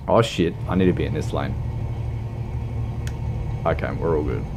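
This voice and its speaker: A man's voice: extremely low pitch, noisy background. An Australian man chatting casually on a gaming livestream, rambling and self-mocking with lots of fillers and laughter. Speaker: game streamer. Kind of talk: casual livestream chat while driving a truck game. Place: at home, streaming.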